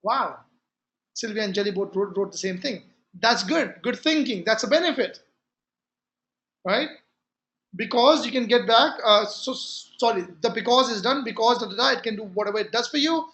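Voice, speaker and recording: A man's voice: high voice, lively intonation, moderate pace, a bit bright. A man giving a sales training talk, emphatic and repeating his key phrases with frequent restarts.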